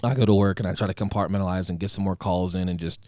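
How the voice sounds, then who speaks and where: A young man hosting a podcast, telling a personal story in casual chat and acting out the quotes of others with a put-on high voice. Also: fairly even intonation, very fast, darkish tone, dry recording. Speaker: podcast host.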